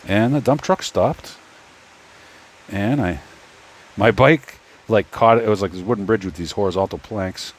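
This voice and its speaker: A man's voice: fairly low pitch, normal speed, long pauses. Rambling man chatting at his workbench. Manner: rambling, stop-start, talks to himself while assembling. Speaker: 3D printing YouTuber. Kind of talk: casual workbench storytelling. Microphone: phone.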